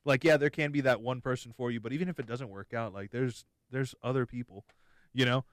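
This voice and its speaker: A man's voice: medium pitch, fairly quick, no room sound, studio quality. A young man hosting a podcast in casual chat, rambling and joking with many restarts. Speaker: podcast host.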